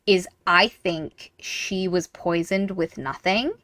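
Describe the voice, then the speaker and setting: A woman co-hosting a podcast, chatting casually about a book series, animated, acting out reactions and swearing freely. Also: lowish voice, slow pace, no echo. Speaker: podcast co-host.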